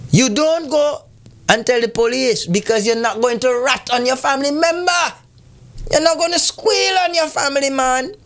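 Man, very high voice, preachy and scolding, asks rhetorical questions. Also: fairly bright tone. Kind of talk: impassioned community commentary.

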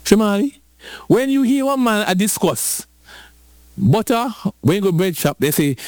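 A man preaching a lively sermon, switching into patois and drawing out lines slowly for emphasis. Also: high voice, no echo. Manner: animated, rhythmic preaching in patois-flavored speech.

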